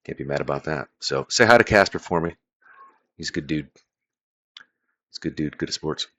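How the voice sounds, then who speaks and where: A man's voice: very deep voice, a little fast, bright, forceful tone. A man chatting casually on a live stream as he plays a card game, loose and profane, thinking aloud.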